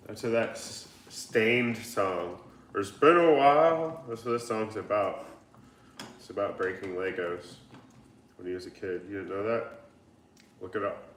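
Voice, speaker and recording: A man hosting a livestream, reading viewer comments aloud with a slow, laid-back delivery. His voice is bright and his talk is joking and profane. The room is echoey. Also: low voice, little pitch movement, a little hiss or hum. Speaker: livestream host.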